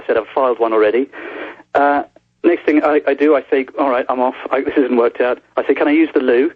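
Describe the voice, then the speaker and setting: A man, a journalist guest, recounting events in rapid, breathless storytelling with restarts. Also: mid-range voice, slightly rough, dry recording. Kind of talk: phone-in interview storytelling. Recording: tinny phone line.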